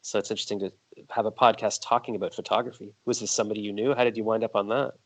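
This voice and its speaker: A man with a fairly low voice hosts a podcast interview at a brisk clip. He chats casually and rambles through long, chatty stories. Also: little pitch movement. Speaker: podcast host.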